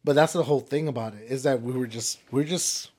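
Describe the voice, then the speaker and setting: A man's voice: medium pitch, a little fast, darkish tone, slight background noise. A man co-hosting a podcast with his partner, laughing often and talking in loose slang. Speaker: podcast co-host. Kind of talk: casual couple chat.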